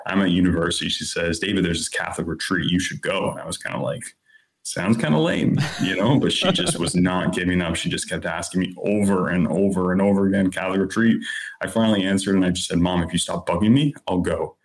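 A man in his thirties with a deep, low-pitched voice, sharing his own story as a guest on a podcast. He talks in an earnest, candid, conversational way, peppered with casual fillers. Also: little pitch movement, quick pace, gravelly. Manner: earnest, candid, lots of "like" and "you know".

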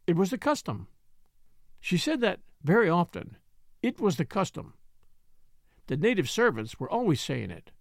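A woman narrating a classic children's novel aloud in a measured, expressive storytelling manner. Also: fairly low pitch, gravelly, no room sound, studio quality. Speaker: audiobook narrator. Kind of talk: scripted narration.

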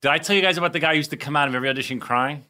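A man leading a relaxed conversation, telling stories with an animated, laughing delivery. His voice is bright and forward. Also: a little high, racing. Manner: animated storyteller who laughs while telling. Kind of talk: casual podcast chat.

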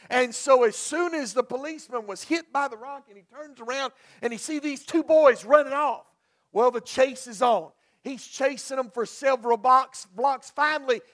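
A male pastor preaching a sermon, telling a folksy story and often repeating and restarting his words. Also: very high-pitched.

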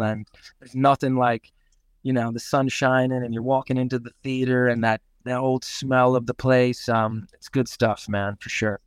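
A man's voice: mid-range voice, clean tone, no room sound, studio quality. A man, a stage actor and singer, chatting loosely as an interview guest with lots of fillers. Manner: laid-back, loose, with many fillers. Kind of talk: casual interview chat.

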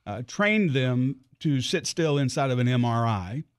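Radio co-host explaining a news item. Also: male voice, mid-range voice, expressive, measured pace, no room sound, studio quality. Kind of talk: morning radio chat.

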